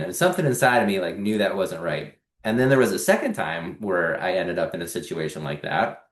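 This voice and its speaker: A man with a lowish voice tells his story as a podcast guest, in an earnest, animated way, often acting out the lines of others. He is recorded in a room with a noticeable echo. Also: brisk. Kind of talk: personal story in a podcast interview. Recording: echoey room.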